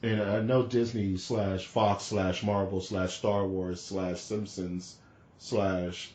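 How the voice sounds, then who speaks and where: A man co-hosting a podcast in casual chat, talking in an excitable, rambling, slangy way. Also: low-pitched, slow, reverberant. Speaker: podcast co-host.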